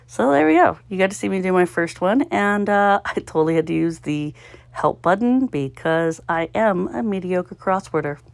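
A woman with a slightly low voice chats her way through a puzzle, thinking aloud and teasing herself. The sound is close and dry, with no room around it. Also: lively intonation, moderate pace, creaky, no echo. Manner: self-mocking, thinks aloud, sounds out guesses, giggles. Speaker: puzzle-solving vlogger. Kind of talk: casual solo commentary while solving.

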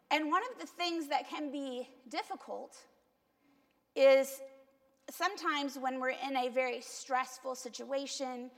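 Woman pastor, Cuban accent, chatty sermon delivery with a gravelly edge, long church reverb. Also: high voice, fairly bright tone. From Cuba. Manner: conversational, self-deprecating, asks the congregation. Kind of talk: sermon with congregation questions.

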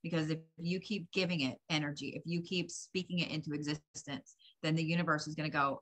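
Speaking a little fast with few pauses, this psychic reader has a low-pitched, steady voice. She channels a reading aimed straight at the listener, handing out emphatic advice that's blunt and profane.

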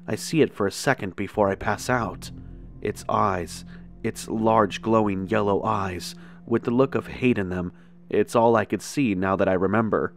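A man telling a first-person horror story in a steady, measured narration. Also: lowish voice, creaky, soft background music.

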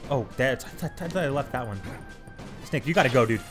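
A man giving casual gameplay commentary as a let's play host, frustrated and swearing, with sudden bursts of yelling. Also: medium pitch, animated, brisk, over music.

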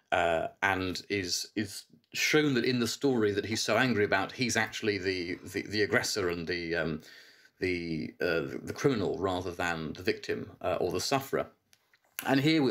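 Thoughtful low-voiced man lecturing on a book. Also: a bit bright. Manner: thoughtful, with hesitations and restarts. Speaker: church reader giving a book talk. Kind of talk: reflective literary lecture.

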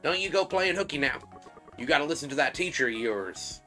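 A man's voice: on the high side, lively intonation, brisk, bright, forceful tone, faint music behind, pitched above the performer's own voice. A man voicing a friendly Southern working man with a folksy, drawling Southern US accent. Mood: teasing.

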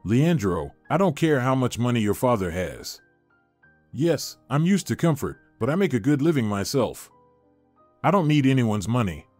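A man's voice: mid-range voice, very animated, normal speed, darkish tone, no room sound, soft background music. A man voicing a devoted, determined young wife who turns from indignant to tender, in a storybook reading.

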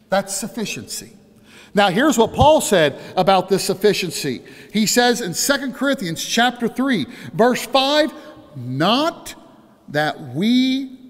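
A male pastor preaching an impassioned sermon that swings from hushed to loud. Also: high voice, big pitch swings, unhurried, in a large hall.

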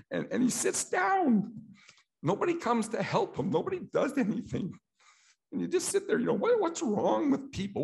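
Man speaking with heated halting repetition. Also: medium pitch. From Canada. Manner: repeats words and restarts often, grows heated and emotional. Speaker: speaker at a political meeting. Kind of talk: impassioned public talk.

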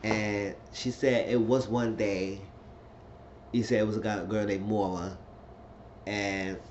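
A man giving a rambling, excitable casual recap of a TV episode. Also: fairly low pitch. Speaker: TV episode reviewer. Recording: slightly dull lo-fi recording, faint noise.

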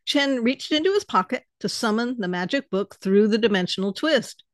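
A woman author reading her story aloud with animated narration. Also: fairly high pitch, normal speed, no room sound.

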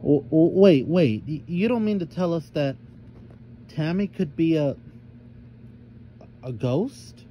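Man doing a startled girl, stammering, alarmed, higher voice. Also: animated, slow pace, long pauses, lo-fi sound, slight background noise.

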